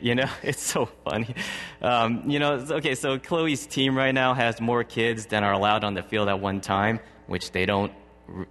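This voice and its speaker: A man in his thirties, with a fairly low-pitched and fairly bright voice, preaches a sermon while conversationally telling a personal story and chuckling often. The recording has a long hall reverb.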